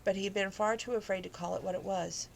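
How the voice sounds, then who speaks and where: A woman's voice: mid-range voice, fairly even intonation, fast talker, vocal fry, slight background noise, low-quality recording. A woman reading a romance novel aloud informally, emotional and adding personal asides. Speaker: audiobook reader.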